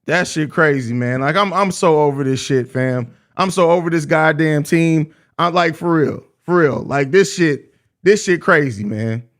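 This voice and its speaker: A man's voice: on the high side, normal speed, a bit bright. A young man hosting a live postgame stream, ranting in exasperated, profane slang about his team's loss. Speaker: host of a live postgame show.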